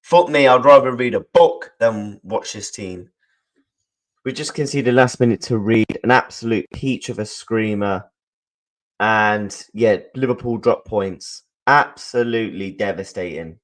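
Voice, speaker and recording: A young man vents to his stream chat. He is furious and swears, repeating the same lines over and over. His talk is slow and drawn out, into a desk mic at home. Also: on the low side, rough recording. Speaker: football fan channel host. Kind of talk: angry post-match reaction to live chat. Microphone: desk mic he is adjusting.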